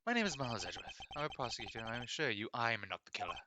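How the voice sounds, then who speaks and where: A man voicing a stern, proud male prosecutor in game dialogue, brooding and measured, with game music behind. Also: mid-range voice, sing-song, noisy background, natural voice. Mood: firm. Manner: measured, brooding inner monologue.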